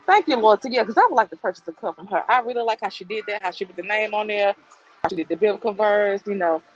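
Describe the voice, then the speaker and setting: A woman's voice: medium pitch, fast talker. Middle-aged woman, casual livestream chat, slightly out of breath, dull lo-fi phone sound. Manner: chatty, reads viewer comments aloud. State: out of breath while walking. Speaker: livestream host. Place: walking through a crowded shop.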